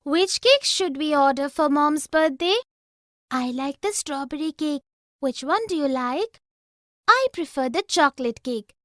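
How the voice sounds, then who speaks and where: A woman reading the lines of a short scripted dialogue with bright, exclamatory delivery. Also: high-pitched, lively intonation, unhurried, no room sound, clean studio sound. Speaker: dialogue reader.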